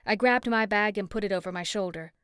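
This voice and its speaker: A woman narrating a first-person story in an expressive, steady audiobook read on a close mic. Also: medium pitch, a little fast, clean tone, dry recording.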